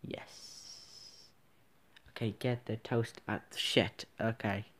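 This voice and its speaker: Slow-talking man muttering over a game. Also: lowish voice, level tone, fairly bright tone. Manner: mutters to himself, swears casually. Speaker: gaming video creator. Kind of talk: let's-play commentary.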